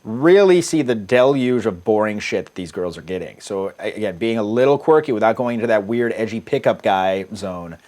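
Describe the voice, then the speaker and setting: A man's voice: on the low side, animated, fairly quick, few pauses, darkish tone. A middle-aged man from the United States, a dating coach talking casually and profanely while reading out his dating-app chats, often laughing at his own jokes.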